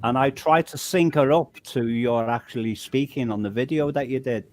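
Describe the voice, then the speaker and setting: A man's voice: mid-range voice, moderate pace, a little mellow. A man with an English accent leaning toward Scouse, chatting casually on a panel and rambling through explanations. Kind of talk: casual chat.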